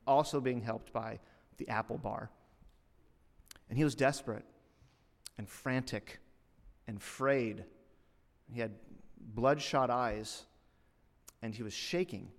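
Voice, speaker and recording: A man preaching a sermon, telling a story in an animated way and rising loud and high at the punchlines. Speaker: pastor. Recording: long reverb of a hall.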